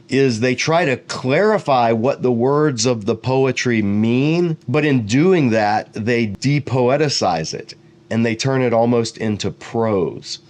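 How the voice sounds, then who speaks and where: A middle-aged man teaching Bible commentary, explaining Hebrew words and reading translations aloud with quick asides. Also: medium pitch, a little mellow.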